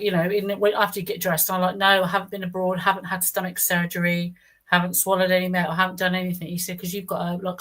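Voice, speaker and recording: The audio is rough, and the voice belongs to a middle-aged woman with a fairly low pitch and fairly bright tone. She rambles through a casual personal story, frequently starting sentences over and acting out others' speech.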